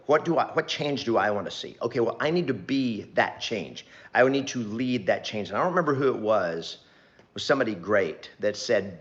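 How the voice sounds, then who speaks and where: A man's voice: medium pitch, dull audio. Earnest man giving a rambling pep talk. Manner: earnest, rambling, repeats phrases for emphasis. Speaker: real estate trainer. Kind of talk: direct-to-camera motivational talk.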